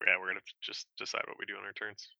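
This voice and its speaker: A man's voice: on the low side, monotone, racing, gravelly, pushed and bright, no room sound. A man playing a tabletop game, asking hesitant questions full of fillers, on a dull lo-fi mic. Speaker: player.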